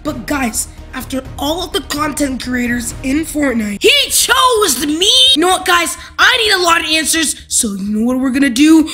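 A woman gaming YouTuber in an excited unboxing vlog, exclaiming and talking straight to her viewers. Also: high voice, normal speed, few pauses, faint music behind.

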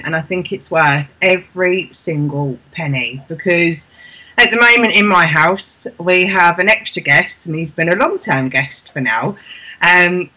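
A woman's voice: on the low side, bright, forceful tone, poor audio. A British woman presenting handmade products in a chatty, heartfelt, self-deprecating way. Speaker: show presenter. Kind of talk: casual product showcase chat.

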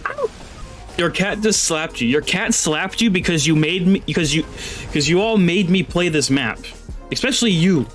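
A man giving rambling, excitable live commentary on a game he is streaming into a headset, his voice jumping high when surprised. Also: moderate pace, faint music behind.

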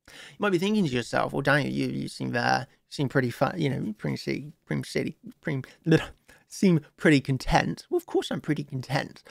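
A man's voice: fairly high pitch, vocal fry, dry recording, studio quality. A young man walking viewers through a crypto price chart, blunt and self-assured, often restarting his words. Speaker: crypto trading analyst. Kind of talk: live chart analysis monologue.

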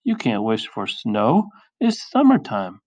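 A man voicing a sensible, doubtful father in a measured, lecturing way. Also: fairly low pitch, wildly swooping pitch, darkish tone, dry recording, exaggerated voice.

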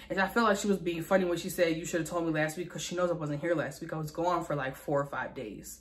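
A young woman with a slightly low voice tells a personal story straight to her viewers. She talks candidly and unfiltered, with plenty of "like" and "um" and the odd curse, as if confiding in friends. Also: a little fast. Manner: candid, venting, frequent fillers and profanity. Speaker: vlogger. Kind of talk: casual storytime vlog.

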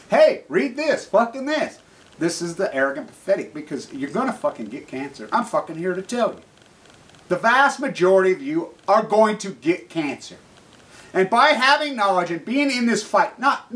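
Furious swearing man, rather high voice. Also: rough recording. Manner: furious, swearing constantly, swinging from low mutters to shouts. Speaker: activist vlogger. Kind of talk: angry profane rant to camera.

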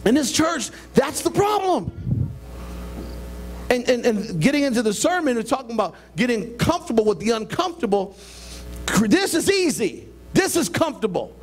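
An older male pastor preaching in a church sanctuary with a fairly high voice that swings lively up and down. He talks loosely and conversationally from the pulpit. A faint hum sits behind him. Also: normal speed. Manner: animated preaching with a hands-on demonstration, jumping between high and low voices. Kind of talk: sermon.

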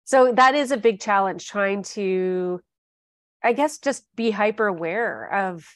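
A Canadian woman hosting an interview, chatty and animated, drifting into tangents. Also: medium pitch, a little slow, dry recording, studio quality. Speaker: interviewer host. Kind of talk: casual interview chat.

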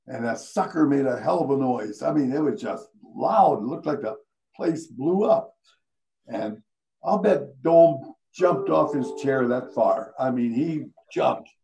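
Older man with a gravelly storytelling voice. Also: medium pitch, measured pace, poor audio. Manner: animated, acts out the people he quotes. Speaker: retired radio announcer telling stories. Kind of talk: live on-stage storytelling. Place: live event before an audience.

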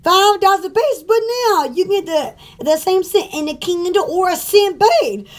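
A woman's voice: very high-pitched, animated, normal speed. A young woman from Alabama, rambling and giggling as she hosts a casual live stream for her online shop. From Alabama, USA.

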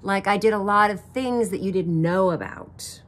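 A woman in her forties hosting a casual family conversation, lively and quick to laugh. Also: medium pitch. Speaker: channel host.

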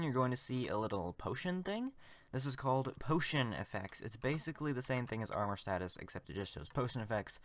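A man hosting a gaming channel, giving casual commentary on a desktop USB mic, excitable, repeating short phrases and yelling when things get tense. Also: on the low side, no room sound. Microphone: USB desktop microphone.

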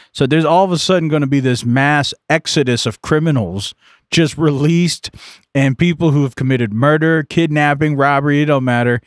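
A man's voice: medium pitch, dry recording, studio quality. A man co-hosting a casual podcast, explaining current events at length with joking asides. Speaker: podcast co-host.

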